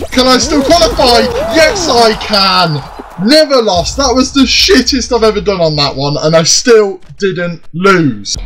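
High-voiced gamer, unhurried. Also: male voice. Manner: frustrated, swears and shouts at the game. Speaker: gaming YouTuber. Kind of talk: let's play commentary.

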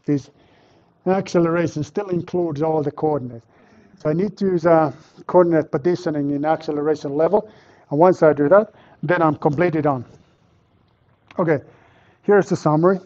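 Lecturer teaching a live class, muffled. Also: male voice, on the high side, dark tone. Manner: quizzes students and teases them. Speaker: university lecturer. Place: lecture hall with a live audience.

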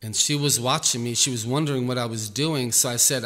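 A man, a Christian minister, telling a personal testimony in an earnest, halting way, repeating words as he goes. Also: mid-range voice, a bit bright. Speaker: Christian minister recounting an experience. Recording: echoey room, faint music behind.

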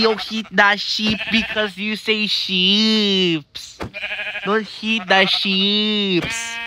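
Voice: mid-range voice, background noise. A narrator of a comedy video giving repetitive scolding commentary over gameplay, repeating the same warnings over and over.

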